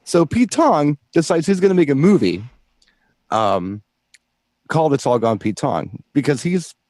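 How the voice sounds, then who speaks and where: A man's voice: on the high side, big pitch swings, measured pace, a little mellow, no echo. A man co-hosting a DJ show in casual chat, explaining things at length with enthusiasm. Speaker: DJ co-host.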